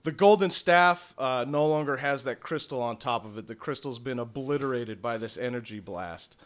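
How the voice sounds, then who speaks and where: A young man narrating a tabletop game as game master, with filler pauses. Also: mid-range voice, a bit bright.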